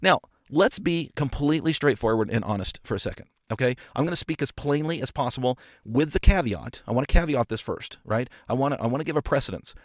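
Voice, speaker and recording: Recorded on a studio microphone in a parked car, a man who hosts a podcast and coaches appraisers delivers a casual, passionate monologue full of emphasis, fillers and repeated words. His medium-pitched voice is animated and fast with few pauses, and there's no room sound.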